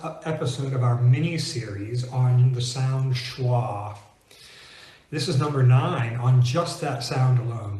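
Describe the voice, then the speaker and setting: A man's voice: medium pitch, warm tone. Man coaching English pronunciation, roomy echo. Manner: clear, deliberate explanations with slowed-down example words. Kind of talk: scripted teaching monologue.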